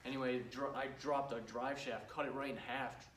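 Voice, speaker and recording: A man's voice: medium pitch, steady tone, moderate pace, a bit bright, roomy sound, far from the mic, slight background noise, rough recording. A middle-aged man running a cleaning business gives a casual training talk to a live audience, telling stories and acting out customers' lines. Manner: chatty storyteller who acts out customers' lines.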